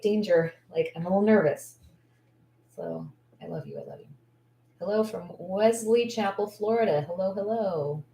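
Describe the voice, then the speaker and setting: A woman's voice: mid-range voice, mellow, roomy sound. A woman business coach chatting on a livestream, candid and effusive, rambling with lots of likes and restarts. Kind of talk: casual livestream chat.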